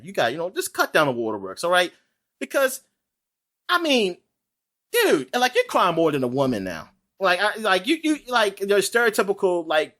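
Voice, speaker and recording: A man co-hosting a podcast, talking in casual chat that rambles, with quick asides and frequent laughs. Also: high voice, fairly bright tone. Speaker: podcast co-host.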